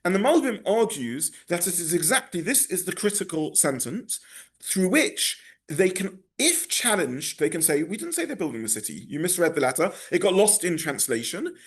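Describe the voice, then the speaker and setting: A man leads a text class in a lecture style, his voice sitting somewhat high and swinging through a wide, animated range. He stops often for asides, restarts and corrections as he explains. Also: moderate pace, husky. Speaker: rabbi teaching a text class.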